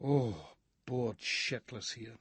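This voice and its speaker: Scottish male reader, crude and sneering first-person narration, mid pitch, dry sound. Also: lively intonation, extremely slow, husky, no echo. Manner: coarse, profane, sneering. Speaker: audiobook narrator.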